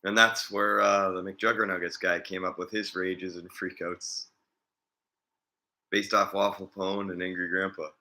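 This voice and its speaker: A man's voice: sits low, flat delivery, unhurried, sharp tone, a little hiss or hum. A man vlogging in a casual, rambling chat, often chuckling as he talks.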